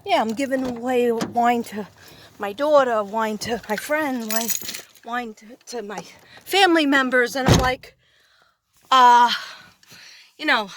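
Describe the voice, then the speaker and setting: A woman's voice: fairly high pitch, sharp tone, no room sound. A middle-aged woman vlogging from her car, rambling in a scattered, self-mocking way. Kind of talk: rambling casual vlog chat. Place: inside a parked or moving car. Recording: car noise behind the voice.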